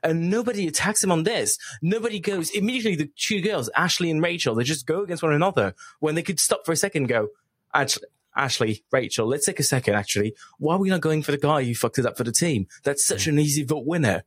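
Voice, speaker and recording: A man's voice: a little high, expressive, quick pace, husky, dry recording. A man co-hosting a casual reality TV review podcast, giving opinionated, ranting critiques. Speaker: podcast co-host.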